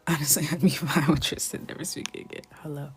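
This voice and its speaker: Female streamer, deep-toned, chatty and candid, coloring session host. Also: steady tone, quick pace, faint music behind. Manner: chatty and candid, drops into soft asides. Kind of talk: casual chat while coloring.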